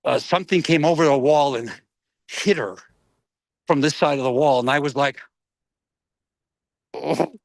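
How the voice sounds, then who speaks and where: A middle-aged actor, guesting in a casual interview, tells animated stories, laughs often and acts out voices. He speaks at a normal speed with a medium-pitched voice, and there's no room sound.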